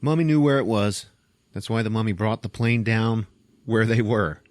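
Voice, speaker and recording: A man hosting a podcast, casually retelling a film's plot as an animated, profane storyteller. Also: on the low side, moderate pace, no echo. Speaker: podcast host. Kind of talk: casual movie recap.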